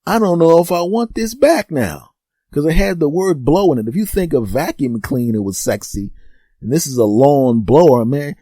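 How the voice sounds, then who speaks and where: A man riffs through a solo podcast monologue, his voice leaping high and dropping low as he plays himself and his friend. The tone is mellow and dark, recorded dry and close with no room sound. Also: dry recording. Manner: animated storytelling, acting out both sides of conversations; profane, teasing. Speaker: podcast host.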